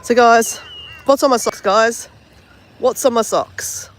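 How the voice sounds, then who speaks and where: A woman, chatting excitedly to viewers on a phone live stream at the beach. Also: a little high, takes it slowly, long pauses, rough recording. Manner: chatty, excitable, repeats herself. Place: outdoors, driving to and walking at a beach. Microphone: phone held in hand.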